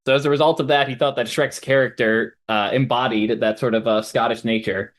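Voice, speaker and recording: A man's voice: mid-range voice, steady tone, a little fast. A man who is a guest on a film podcast, speaking in casual chat with hesitant "uh"s and restarts.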